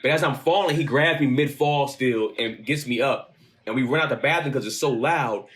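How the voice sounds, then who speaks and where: A man in his thirties co-hosting a podcast, his voice sitting at an ordinary middle pitch. He tells stories in an animated, casual way and swears freely. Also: moderate pace. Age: 30s. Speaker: podcast co-host. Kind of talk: casual chat.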